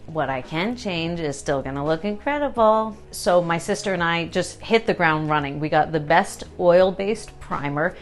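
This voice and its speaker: A woman chatting casually about a kitchen renovation she did, telling stories in an animated way and laughing as she talks. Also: fairly low pitch, normal speed, few pauses, faint music behind. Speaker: home renovation vlogger. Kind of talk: casual chat.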